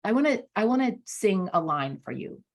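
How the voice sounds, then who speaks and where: A woman serving as guest voice coach in a casual podcast interview speaks at medium pitch and normal speed. Her delivery is animated, with regular "right?" check-ins and words repeated for emphasis.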